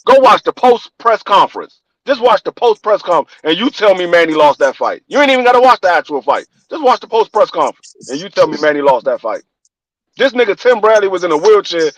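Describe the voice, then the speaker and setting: A man co-hosting a podcast, talking boxing in animated, profane casual chat and repeating his punchlines. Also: high voice, a little fast, dry recording, low-quality recording. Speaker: podcast co-host.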